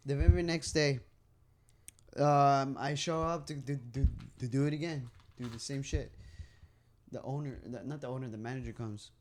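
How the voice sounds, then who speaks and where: A man in his twenties, co-hosting a podcast in a small room, tells stories with lots of swearing and animated bursts. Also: mid-range voice, moderate pace. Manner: animated storyteller, heavy swearing. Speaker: podcast co-host. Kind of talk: casual chat. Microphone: podcast mic at a table.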